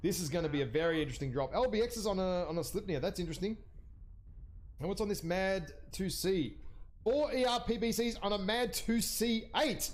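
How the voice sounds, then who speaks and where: A young man with a high-pitched voice casts an online game league match live. He rambles and thinks aloud as he reads the teams, and his voice climbs when a pick surprises him. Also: a little fast. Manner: voice jumps higher when surprised. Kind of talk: live esports commentary.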